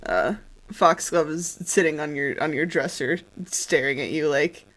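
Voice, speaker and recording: Halting, loose game master narrating. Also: medium pitch, a bit bright. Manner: loose, halting, with many fillers. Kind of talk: narrating a tabletop game on a live stream.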